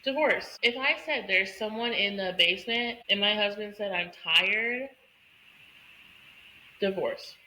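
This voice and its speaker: A woman's voice: medium pitch, a little slow, long pauses, sharp tone, a little hiss or hum, poor audio. A woman co-hosting a casual book podcast, chatty and reactive, quoting characters as she retells scenes. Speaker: podcast co-host.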